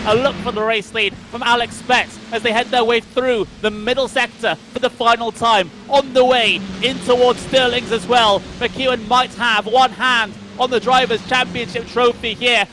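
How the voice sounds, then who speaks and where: A man giving rapid, excited play-by-play commentary on a live esports race. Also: very high-pitched. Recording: race car noise behind the voice.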